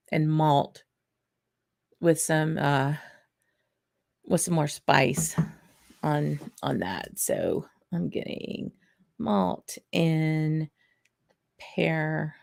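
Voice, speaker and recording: Southern lady chatting on a live stream, low voice with lots of vocal fry, takes her time. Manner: unhurried, thinking aloud, frequent small laughs. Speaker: whisky channel host. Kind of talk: casual live-stream tasting chat.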